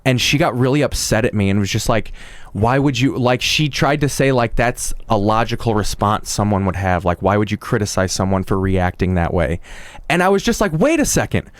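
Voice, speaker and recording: A man guesting on a podcast, telling stories in casual chat with an animated manner and plenty of casual swearing. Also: lowish voice, normal speed, no room sound.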